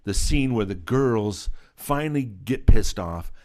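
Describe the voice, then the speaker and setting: Middle-aged man, effects artist guest, low voice, lively swinging delivery, chatty raconteur. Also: measured pace. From Southern California. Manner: animated storyteller, acts out voices, laughs often. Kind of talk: casual storytelling interview.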